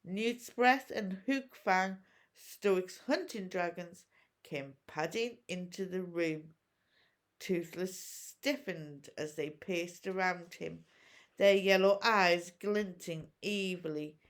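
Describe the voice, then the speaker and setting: Slow-reading woman teacher. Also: fairly low pitch. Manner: expressive, measured storytelling. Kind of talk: reading a storybook aloud.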